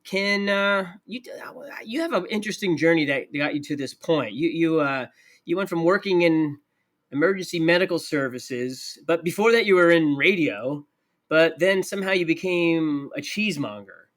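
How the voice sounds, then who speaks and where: A man with a New Jersey accent hosts a relaxed interview, speaking on the higher side for a man. He is enthusiastic and playful, joking easily with his guest. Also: normal speed. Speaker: podcast host. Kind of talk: casual interview chat.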